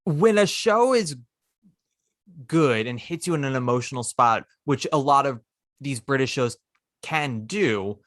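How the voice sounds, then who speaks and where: A man hosting a podcast, casually recounting a musical's plot with lively asides. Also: mid-range voice, a little slow, dry recording, studio quality. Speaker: podcast host. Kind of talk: casual chat.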